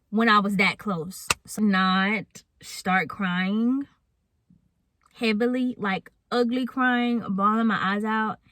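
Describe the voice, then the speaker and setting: In this dry, echo-free clip, a vlogger in her twenties tells a candid storytime straight to camera. Her medium-pitched voice has a fairly bright tone, and she keeps it chatty and casual, often calling her viewers y'all.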